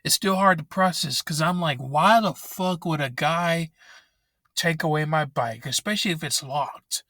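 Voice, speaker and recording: A man's voice: a little high, unhurried, sharp tone, dry recording, studio quality. A young man angrily venting and swearing in a rant vlog, recorded in his parked car on a laptop microphone. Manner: angry, frustrated, swearing often. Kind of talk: ranting vent vlog.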